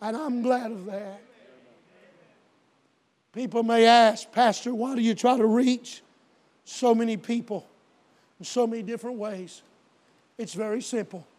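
High-voiced shouting preacher man. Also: fairly even intonation. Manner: shouting preacher cadence with slow emphatic punches. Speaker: pastor. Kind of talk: sermon. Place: church sanctuary. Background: soft piano.

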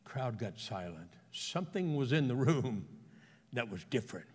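A man's voice: mid-range voice, very animated, moderate pace, slightly rough. A man preaching in a reverberant church. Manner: dynamic preaching, swinging from hushed storytelling to loud exclamations. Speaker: pastor. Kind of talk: sermon. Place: church sanctuary. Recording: long hall reverb in a church.

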